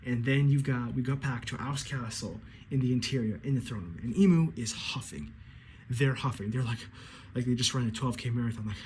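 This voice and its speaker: A man giving an excitable, casual recap of a comic chapter, acting out the characters' lines and swearing freely. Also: mid-range voice, brisk, a little hiss or hum. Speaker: anime commentator.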